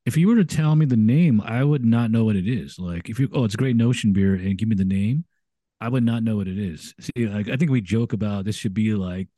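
A man with a lowish, mellow voice, talking over a video call in a relaxed, easygoing way. He often stammers on his first words, and the sound is close and dry. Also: brisk, no echo. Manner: easygoing, stammers when starting a thought. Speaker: podcast co-host. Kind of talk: casual chat over beers.

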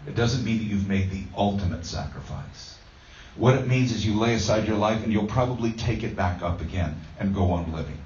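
A man's voice: fairly low pitch, fairly quick, darkish tone. A man giving a conversational sermon as a pastor, telling a self-deprecating story with plenty of fillers. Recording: roomy, distant, dull sound.

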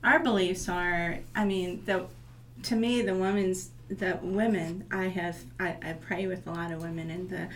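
A woman with a fairly low voice speaks earnestly and reflectively as a guest in an interview. She sits at some distance from the microphone. Faint ambient noise hangs behind her. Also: fairly even intonation, normal speed. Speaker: guest, co-founder. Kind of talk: casual interview conversation.

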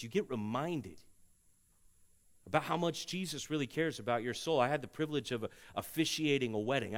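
A man preaching a sermon as a pastor in a church, earnest, rising to loud emphatic peaks and dropping to hushed, tender stretches, ending in prayer. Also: on the low side. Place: church sanctuary.

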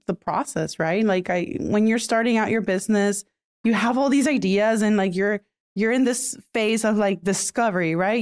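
A woman from Puerto Rico talking casually as a podcast guest, chatty and quick to laugh. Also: mid-range voice, a little mellow, clear, resonant tone, no echo, studio quality. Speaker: podcast guest, bilingual content creator. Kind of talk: casual interview chat.

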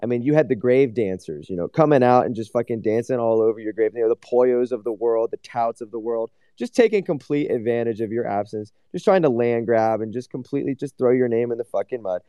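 A man's voice: medium pitch, fairly quick, hardly any pauses, warm tone, clean tone, dry recording, lo-fi sound. A man speaking up in a live online audio room, taunting and mocking the host with lots of swearing. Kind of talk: profane taunting banter.

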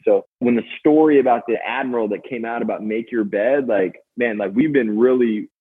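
A man guest in a casual interview, telling stories fast and energetically with many fillers. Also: mid-range voice, slightly rough. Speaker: podcast guest, sales manager. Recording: tinny phone-line sound.

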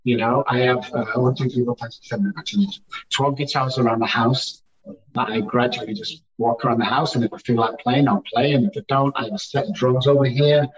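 A man's voice: mid-range voice, fairly even intonation, fairly quick. A man being interviewed, telling personal stories in an emphatic style and repeating phrases for effect. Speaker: guest, addiction recovery speaker. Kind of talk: conversational interview storytelling. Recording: distant, muffled remote audio.

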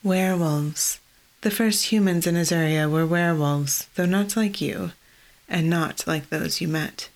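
A woman voicing an old blind female druid, speaking slowly in a low, breathy, solemn hush. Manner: slow, hushed and breathy, prophetic.

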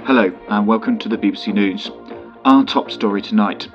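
A man's voice: on the low side, fairly quick, dull audio, music in the background, lightly acted. A man voicing a posh male TV newsreader with a formal delivery.

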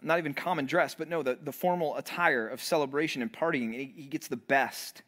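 A man, a pastor, preaching a sermon in an earnest way, his voice swelling and then dropping low for emphasis, often repeating words as he builds. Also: fairly quick, fairly bright tone. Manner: repeats and restarts words while building intensity.

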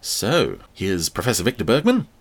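A man's voice: lowish voice, wildly swooping pitch, normal speed. A man hosting a podcast, giving chatty, enthusiastic commentary over an old TV episode. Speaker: podcast host.

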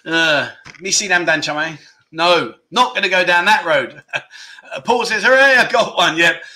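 A man's voice: on the high side, a little slow, pushed and bright. A man hosting a casual livestream chat, talking loosely and cutting himself off as he laughs at his own slips. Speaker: livestream host.

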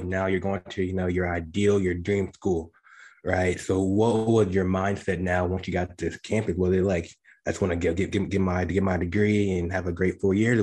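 A male podcast host with a very deep voice asks his questions in a relaxed, conversational way. He often stumbles and repeats words while he thinks aloud. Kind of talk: casual interview chat.

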